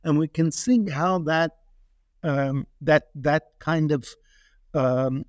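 Slow, hesitant scholarly man. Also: fairly high pitch, no room sound, clean studio sound. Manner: hesitant, many restarts and fillers. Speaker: author being interviewed. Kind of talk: scholarly interview answer.

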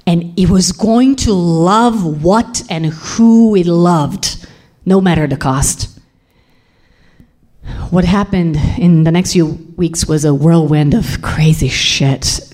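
A young woman recounts a painful chapter of her life in a confessional, intense way. Her speaking voice sits notably low. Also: takes it slowly, warm tone. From Serbia. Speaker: storyteller. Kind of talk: personal storytelling.

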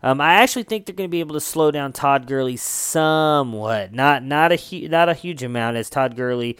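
Smooth-voiced man giving casual sports rankings. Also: on the high side, a little fast, no room sound, clean studio sound. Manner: relaxed, conversational, frequent uh fillers. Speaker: fantasy football analyst.

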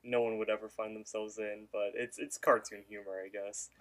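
A man's voice: lowish voice, little pitch movement, moderate pace, fairly bright tone. A man co-hosting a podcast, loosely retelling a cartoon episode with lots of fillers. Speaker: podcast co-host. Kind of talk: casual episode recap.

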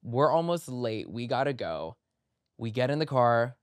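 A man in the middle of his pitch range, telling a sprawling story in a casual, animated way. He swears freely and goes off on tangents, now and then jumping into a high, mocking voice to quote someone. The sound is dry and close, with no room echo. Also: measured pace, smooth. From Egyptian family background. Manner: animated, breaks into high mimicking voices when quoting people; profane, tangent-filled storytelling. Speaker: podcast host.

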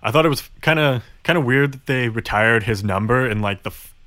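A man's voice: medium pitch, brisk, pushed and bright, no room sound. A young man co-hosting a podcast, laid back, trailing off his points with "so, yeah". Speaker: podcast co-host. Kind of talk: casual chat.

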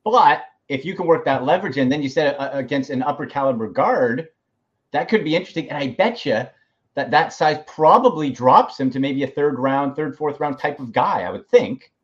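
A man hosting a podcast, talking sports in a casual, emphatic way and reacting quickly to his guest. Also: fairly high pitch, lively intonation, highs cut off. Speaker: podcast host.

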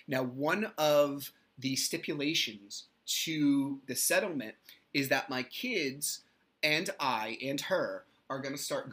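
A man's voice: mid-range voice, a bit bright. A man in his thirties hosting a solo podcast, telling his story in a candid, profane and exasperated way. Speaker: podcast host.

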